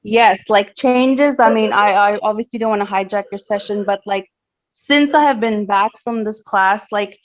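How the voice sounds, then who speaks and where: A woman, chatty and animated, telling stories casually on a call and mixing in Hindi phrases. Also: mid-range voice, normal speed, dull audio. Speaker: caller sharing experiences.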